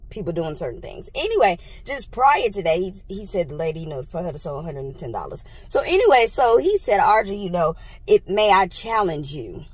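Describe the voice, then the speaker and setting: A woman vlogger telling a casual story into a handheld phone, animated and exclaiming, laughing often. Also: lowish voice, breathy edge. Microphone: phone held in hand.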